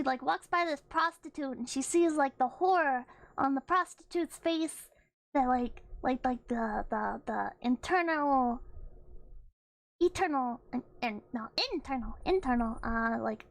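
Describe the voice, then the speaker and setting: High-voiced woman streamer rambling. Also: no room sound. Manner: rambling, laughs often, swears freely. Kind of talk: casual chat.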